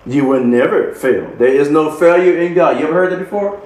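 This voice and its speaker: A man preaches a sermon with emphatic, repeating phrases and little chuckles between points. His voice sits a touch high. The recording has a roomy, echoing sound. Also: fairly quick, a little mellow. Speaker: minister. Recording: echoey room.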